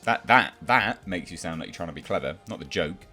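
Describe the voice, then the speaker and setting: A deep-voiced man delivers a sarcastic, exasperated rant as a commentator, mocking and scoffing as he goes. Faint music sits quietly behind his voice. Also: animated, a little fast, breathy edge. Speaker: YouTube film commentator. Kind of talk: ranting commentary.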